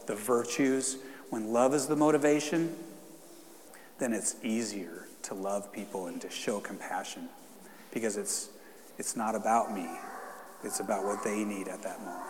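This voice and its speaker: A man's voice: lowish voice, steady tone, moderate pace, a little hiss or hum. A man preaching a sermon to his congregation in a casual, conversational way, then leading a fervent prayer. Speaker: pastor. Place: church sanctuary. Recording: long reverb in a church hall.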